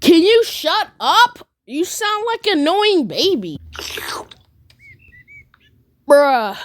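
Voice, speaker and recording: A woman's voice: extremely high pitch, very animated, extremely slow, faint music behind, exaggerated voice. A woman voicing a rude little boy piglet with hiccups, talking sulky slang in a parody fan dub. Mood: mocking. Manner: sulky slangy trash talk.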